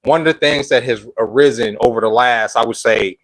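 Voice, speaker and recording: A man's voice: medium pitch, brisk, a bit bright, no room sound, rough recording. Breathless man rambling on a live stream. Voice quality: phlegmy throat. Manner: loose, rambling talk with slang and restarts. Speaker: livestream host. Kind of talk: casual live-stream chat.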